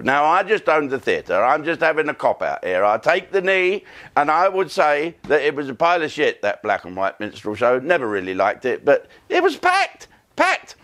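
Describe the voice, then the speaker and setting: A man's voice: medium pitch, fairly bright tone. An older comedian with a rambling, profane, self-mocking delivery. His voice rises and falls a lot as he storytells in a casual monologue.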